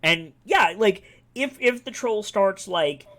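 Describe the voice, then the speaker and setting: A man's voice: high-pitched, animated, takes it slowly, a bit bright. A man streaming live, talking casually and enthusiastically about a game, rambling and swearing freely. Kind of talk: casual chat.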